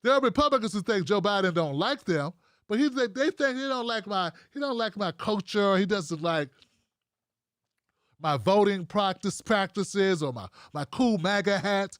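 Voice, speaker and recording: A man's voice: high voice, animated, moderate pace, fairly bright tone, no room sound, studio quality. A man from the United States hosting a political livestream, ranting bluntly with heavy profanity and reading out viewer comments. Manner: reads out live chat comments. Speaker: livestream host.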